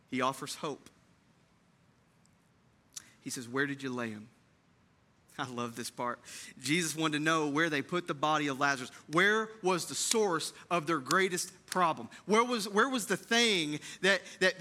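A man preaching an Easter sermon to his church, moving between hushed, tender lines and loud, fervent build-ups, repeating phrases for emphasis. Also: fairly high pitch. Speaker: pastor. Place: church sanctuary.

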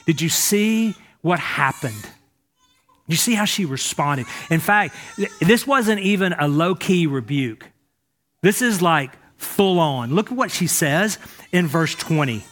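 A male pastor preaching a sermon to a church, impassioned, moving between loud urging and hushed speech. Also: on the high side, expressive, a little slow.

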